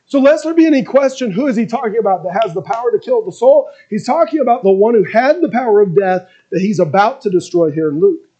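A male preacher with a fairly high, husky voice delivers an earnest sermon. His tone is mellow rather than bright, and he builds steadily in intensity as he tells the story. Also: lively intonation, fast, few pauses, dull audio. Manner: earnest, building in intensity, acts out scripture quotes.

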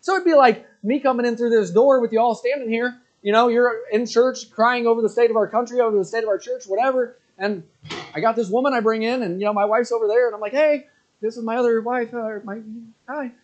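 A man preaching a sermon to his church congregation, with animated delivery that rises into indignant outbursts. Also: very high voice, fast, dull audio. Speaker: pastor. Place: church sanctuary.

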